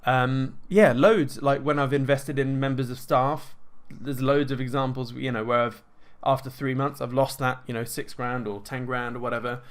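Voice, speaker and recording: A man's voice: mid-range voice, moderate pace, few pauses, clear, resonant tone. Rambling, self-assured man. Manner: rambling, energetic, self-assured, frequent fillers and restarts. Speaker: host answering viewer questions. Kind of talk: casual monologue.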